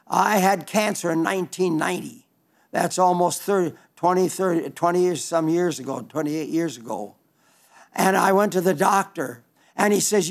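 This man's voice sits high and moves at a moderate pace as he preaches a broadcast sermon in an Oklahoma accent. He's earnest and emphatic, repeating key phrases and reading out letters from listeners.

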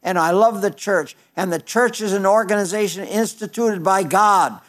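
An older man preaching a sermon, halting and restarting often, slowing and lifting his voice when he quotes scripture. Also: high-pitched, fairly bright tone. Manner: halting, with frequent restarts and fillers.

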